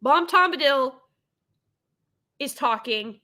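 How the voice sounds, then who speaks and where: Young woman streamer, sarcastic reaction commentary, fairly high and bright-toned voice. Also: unhurried. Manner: sarcastic, exasperated critique.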